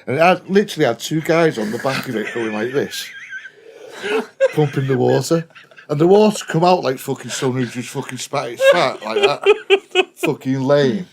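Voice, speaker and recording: A man's voice: medium pitch, very animated, normal speed, creaky, a little hiss or hum. Broad Scouse man telling a blunt story. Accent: Liverpool. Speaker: guest storyteller. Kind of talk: casual anecdote with swearing.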